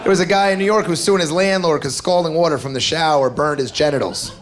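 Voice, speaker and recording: Brash, profane stand-up comic, live crowd. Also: male voice, fairly high pitch, quick pace. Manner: brash, profane, incredulous ranting. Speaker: stand-up comedian. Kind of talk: stand-up routine. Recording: live club set with crowd laughter and noise. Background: crowd laughing.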